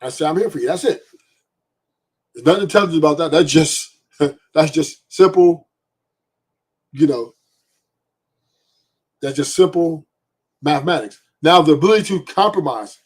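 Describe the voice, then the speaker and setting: A man's voice: fairly high pitch, measured pace, pauses often, a little mellow, breathy edge. A man hosting a podcast, giving blunt, profane opinions and often asking "right?". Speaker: podcast host.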